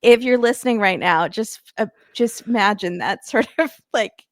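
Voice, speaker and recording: A woman's voice: on the high side, moderate pace, no echo. Playful woman podcast guest, dry sound. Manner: playful, jokey, laughs often. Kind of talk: casual chat.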